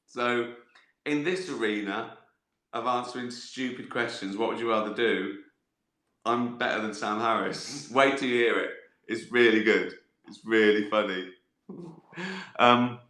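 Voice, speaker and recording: A man's voice: medium pitch, pushed and bright, reverberant. A middle-aged man, hosting a casual livestream and answering viewer questions with swearing, self-mocking banter. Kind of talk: casual chat. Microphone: phone.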